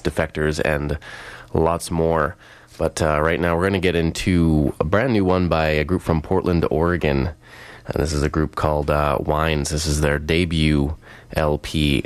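Stuffy nasal guy djing, super low monotone voice, kinda halting and laid-back, dry sound. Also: no room sound. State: a bit sick, stuffy. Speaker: radio DJ. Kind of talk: casual radio DJ patter.

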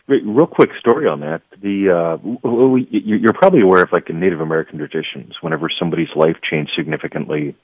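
Deep-voiced man on a phone line. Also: no room sound. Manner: rambling, with stammered restarts. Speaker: guest, life coach. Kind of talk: radio interview. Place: remote, heard over a phone line. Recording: tinny phone line, dry.

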